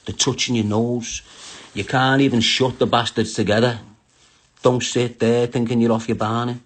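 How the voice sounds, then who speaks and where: A middle-aged man with a Scouse accent rants on a live stream. He is crude, combative and mocking, and his voice sits at a middling pitch. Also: level tone, normal speed. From Liverpool, England.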